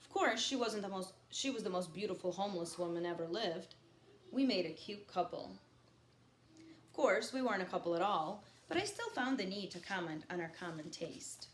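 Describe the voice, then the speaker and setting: A woman teacher reading a novel aloud to her students, stopping for quiet teaching asides. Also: medium pitch, lively intonation, moderate pace. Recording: echoey room with faint background noise.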